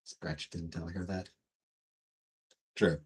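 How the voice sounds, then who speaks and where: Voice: low-pitched, steady tone, slow pace. A podcast host in casual chat about a cartoon, rambling with many fillers and restarts.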